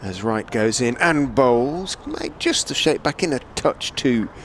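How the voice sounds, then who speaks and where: On a stadium hotel roof, a medium-pitched man gives easygoing ball-by-ball cricket commentary in the manner of radio. Measured and conversational, he gets excited when the big shots land. The recording carries a little hiss or hum.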